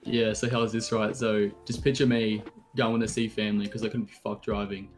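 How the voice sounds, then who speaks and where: A man's voice: lowish voice, brisk, faint music behind. An eighteen-year-old man with an Australian accent, telling his story in casual, rambling chat. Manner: excited rambling storytelling with laughs. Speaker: interview guest.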